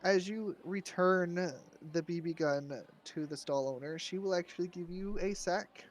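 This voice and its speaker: A man running a tabletop game as game master, relaxed and often laughing. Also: high voice, measured pace.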